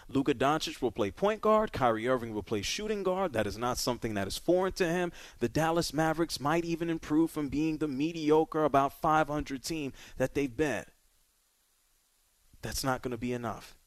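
A man's voice: on the high side, no echo. A man hosting a sports talk radio show, delivering an opinionated monologue with emphatic, punchy repetition.

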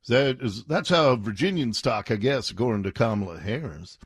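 A man's voice: mid-range voice, lively intonation, moderate pace, slightly rough, dry recording, clean studio sound. A man hosting a talk radio show, delivering an opinionated, mocking monologue and laughing often.

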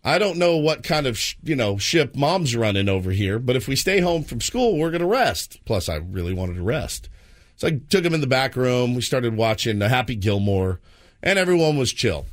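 Mid-range in pitch and normal in speed, this thirtysomething morning-radio co-host spins a lively tale. He animates it by acting out the voices of its characters.

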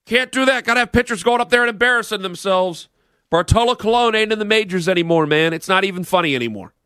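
A man's voice: sits high, expressive, quick pace, pushed and bright, smooth, no echo, clean studio sound. A man hosting a sports talk radio show, ranting bluntly and sarcastically about the game.

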